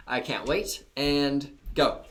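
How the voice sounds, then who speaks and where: A man's voice: mid-range voice, takes it slowly, fairly bright tone. A man hosting a live improv show, setting up and timing scenes in an upbeat way. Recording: roomy live-stream room.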